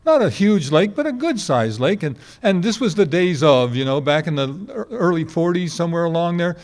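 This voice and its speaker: A man's voice: a little high, animated, fairly quick, darkish tone. A man in his eighties preaching a sermon to a congregation, telling folksy stories and asking rhetorical questions. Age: 80s. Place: before a congregation.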